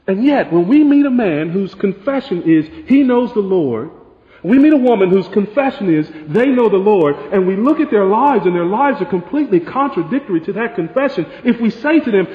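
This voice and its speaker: A man preaching with a high, highly animated voice that swings from hushed lows to forceful peaks. The sound is dull and lo-fi, with a long reverb that rings through a large hall. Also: normal speed. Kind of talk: sermon.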